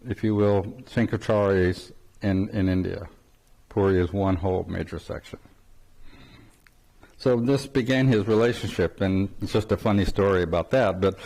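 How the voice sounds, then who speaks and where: A man's voice: on the low side, gravelly, dark tone. An older man giving an informal spiritual talk, telling a story with frequent chuckles and rambling restarts. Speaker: spiritual teacher.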